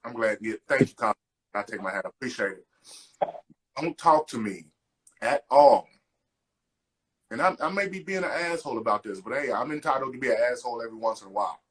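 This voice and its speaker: A man's voice: mid-range voice, animated, brisk, long pauses, a bit bright, breathy edge. A man co-hosting a casual podcast, ranting with lots of swearing and mocking impressions of other people's speech. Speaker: podcast co-host. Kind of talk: casual chat.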